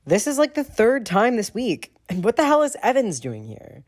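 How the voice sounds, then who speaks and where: Male narrator playing an irate teen wizard boy, swearing, raised and loud. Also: extremely high pitch, wildly swooping pitch, moderate pace, voice pushed up, heavily acted. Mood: angry. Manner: heated, swearing outbursts. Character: angry, cursing teenage boy wizard.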